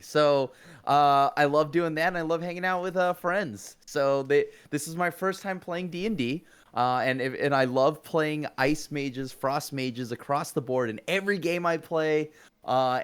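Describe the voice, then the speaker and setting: A man's voice: fairly high pitch, fairly bright tone, clean tone. A man from California with a Californian accent, laid-back and giggly, chatting as a first-time player. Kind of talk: casual stream chat.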